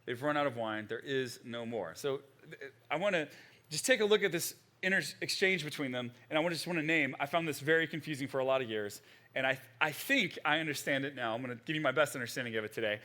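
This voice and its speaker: A middle-aged male pastor preaching a sermon in a conversational, animated way, with frequent restarts. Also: on the high side, fast.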